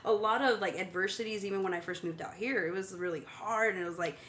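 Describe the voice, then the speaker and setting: A woman hosting a podcast, telling stories in a lively, casual conversational way. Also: medium pitch, fast, slight background noise. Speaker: podcast host.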